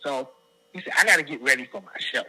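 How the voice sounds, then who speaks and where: Bright, lively middle-aged man telling stories. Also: mid-range voice, quick pace, breathy edge, poor audio. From Washington DC area. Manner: animated storyteller who acts out other people's quotes. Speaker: guest singer. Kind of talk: storytelling interview.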